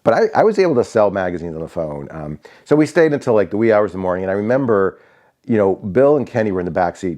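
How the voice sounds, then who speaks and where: Deep-voiced older man reminiscing. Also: a little mellow. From Connecticut, USA. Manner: rambling, many fillers and restarts. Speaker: vlogger. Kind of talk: casual storytelling.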